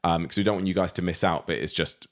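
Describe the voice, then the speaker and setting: Southern us guy cohosting a podcast, low voice, upbeat, laughs easy, opinionated. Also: quick pace. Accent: American Southern. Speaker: podcast co-host. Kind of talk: casual chat.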